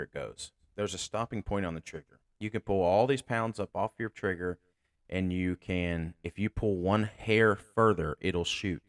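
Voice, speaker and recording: Low-voiced, blunt, profane man. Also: no room sound, clean studio sound. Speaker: sheriff's deputy and podcast host. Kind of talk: casual storytelling.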